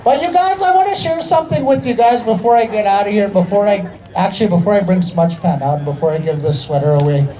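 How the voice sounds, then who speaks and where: A man tells a comic story on stage in a loose, joking way, dropping a tag question after nearly every line. His voice sits fairly high but has a mellow, unforced tone. A crowd can be heard faintly in the background. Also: lively intonation, fast, hardly any pauses, low-quality recording. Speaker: stand-up comedian. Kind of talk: stand-up comedy storytelling.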